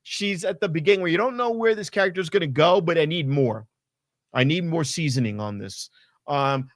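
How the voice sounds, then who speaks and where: A man casually recapping a wrestling show, animated and rambling, with lots of fillers and swearing. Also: fairly high pitch, no room sound, studio quality. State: hot and sweaty. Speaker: podcast co-host.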